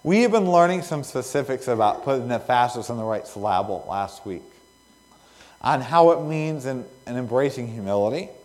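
A man preaching a sermon as pastor, earnest, with pauses and swells of emphasis between phrases. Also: mid-range voice, expressive, a little mellow. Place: church sanctuary. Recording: long reverb of a church hall.

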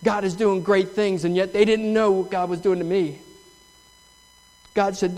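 A man's voice: high voice, fairly even intonation, normal speed, a little mellow. A man giving an earnest, emotional testimony in a church sanctuary, telling his story from the front. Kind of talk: testimony sermon. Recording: long reverb of a church hall.

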